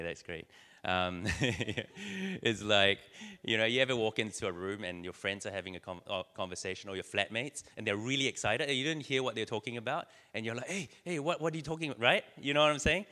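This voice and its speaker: A man's voice: lowish voice, pushed and bright, clear, resonant tone, long reverb tail. A man giving a casual sermon to a church crowd, telling stories with many fillers and restarts. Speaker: church speaker. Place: church hall.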